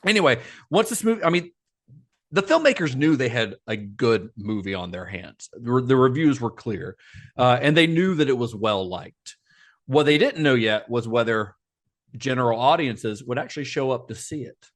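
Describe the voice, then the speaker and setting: A man co-hosting a casual podcast, easily explaining movie history and laughing along with his co-hosts. His voice sits at a middle pitch, and his talk runs on at length with small restarts. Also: expressive, moderate pace. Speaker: podcast co-host. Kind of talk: casual film podcast chat.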